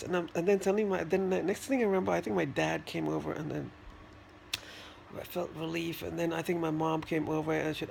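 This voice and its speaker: A man with a high voice and heavy vocal fry recounts a personal memory in a casual vlog. He speaks haltingly and circles back, with lots of restarts and fillers. A faint hum of room noise sits behind him. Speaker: vlogger.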